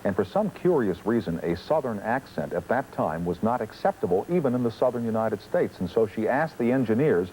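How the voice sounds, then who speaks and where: Man, TV host, very deep voice, warm dark tone, probing questions, faint hiss. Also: very animated, rough recording. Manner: probing, deliberate, good-humoured. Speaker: talk show host. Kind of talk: late night television interview. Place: television studio.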